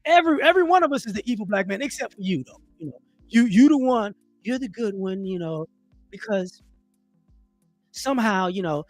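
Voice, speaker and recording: A man's voice: high voice, expressive, fairly quick, faint music behind. A man ranting on a livestream, stressing his points, repeating words, and now and then slipping into mocking voices. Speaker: livestream commentator. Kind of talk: opinionated livestream rant. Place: home livestream setup.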